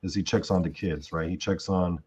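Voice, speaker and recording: This host's voice is low, husky and darkish, with a steady tone and a slightly fast pace. On his podcast he rambles through a casual retelling of events, packing it with fillers and performed quotes.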